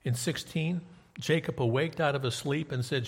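A man's voice: on the high side, moderate pace, vocal fry, breathy edge, big-room sound. A man preaching a sermon, retelling scripture in a conversational storytelling way and putting questions to the congregation.

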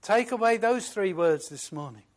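A man preaching a sermon, slow and emphatic, moving from loud declarations to hushed, reflective asides. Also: sits high, expressive. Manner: quotes hymn lines in a reflective voice.

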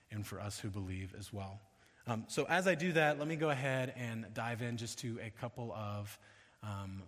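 A man's voice: mid-range voice, a bit bright. Man preaching in a reverberant hall. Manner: conversational, acts out the voices in the passage. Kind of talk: sermon.

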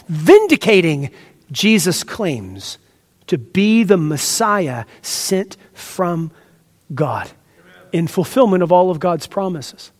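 A man's voice: sits high, very animated, takes it slowly, in a large hall. A man pastor preaching an expository sermon, earnest and teacherly, with emphatic stresses and asides to the congregation.

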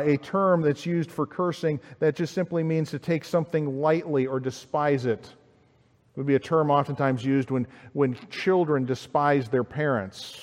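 A man preaching a sermon, explaining a scripture passage in a measured, teaching way and reading verses aloud. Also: fairly high pitch, long reverb tail. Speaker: pastor.

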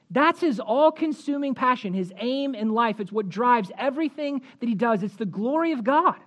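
A woman preaching a sermon, walking through scripture verse by verse and rising in pitch and force at emphatic points. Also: animated, dull audio. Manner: rises in pitch and volume at emphatic points, slows for key phrases; expository, walks through verses.

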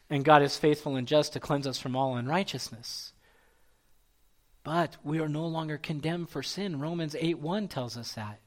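High-voiced man preaching a sermon. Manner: preaching with emphatic repetition, dropping to near-whisper. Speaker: pastor.

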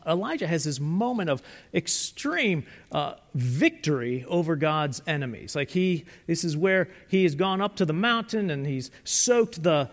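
A man preaching a sermon, retelling stories in a conversational, animated way with frequent restarts. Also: a little high, in a large hall. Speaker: pastor.

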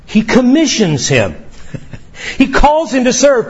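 A man preaching in a church, his voice husky and a little high. He speaks earnestly, voicing quoted lines and stumbling over quick restarts. The recording sounds dull and lo-fi. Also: wildly swooping pitch. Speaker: pastor. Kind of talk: sermon. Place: church sanctuary.

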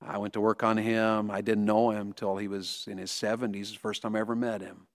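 A man preaching a revival sermon, acting out stories and swinging from soaring to hushed. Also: on the low side, flat delivery, fairly quick.

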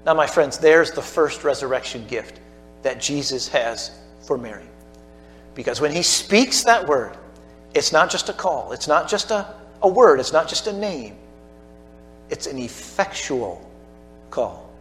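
A man preaching a sermon to a church congregation, building to emphatic peaks and dropping to hushed asides. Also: fairly high pitch, lively intonation, a little slow, long pauses, faint music behind. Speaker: pastor.

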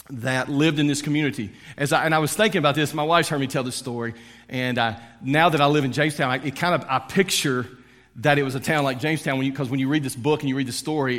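A man's voice: mid-range voice, a bit bright. A male preacher tells a sermon story in a loose, chatty way, full of fillers. His voice sits in a middle register. Long reverb from a large hall hangs after his words. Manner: conversational, with frequent fillers.

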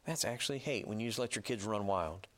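A man preaching a sermon, emphatic and often checking in with "right?" and "okay?", reading scripture slowly and loudly. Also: on the low side. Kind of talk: sermon teaching.

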